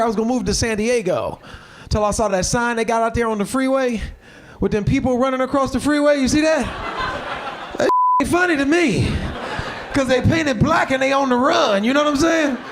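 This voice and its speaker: A man doing a stand-up comedy set on stage, talking in loose slang and shouting his punchlines. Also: very high voice, expressive, brisk. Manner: casual slang, drawled asides. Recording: live stage mic with audience noise.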